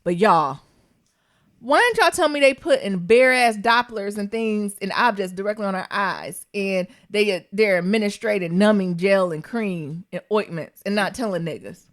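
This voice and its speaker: A woman co-hosting a podcast, telling a funny story in casual, animated chat. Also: mid-range voice, normal speed, no room sound, clean studio sound. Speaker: podcast co-host.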